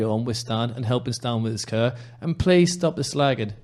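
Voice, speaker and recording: Male podcast host, passionate and emphatic, mid-pitched everyday voice. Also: moderate pace, few pauses, a little mellow. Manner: impassioned, emphatic ranting. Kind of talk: casual football podcast chat.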